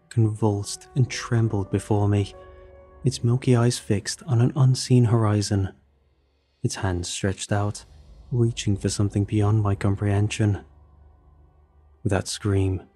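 A man with a lowish, mellow voice narrates a first-person horror story. He reads in a measured, dramatic way, with soft music playing faintly underneath. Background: faint background music.

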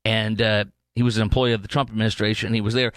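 A man's voice: fairly low pitch, flat delivery, fast, a bit bright, dry recording. A man hosting a political talk radio show, rambling animatedly with many fillers and restarts.

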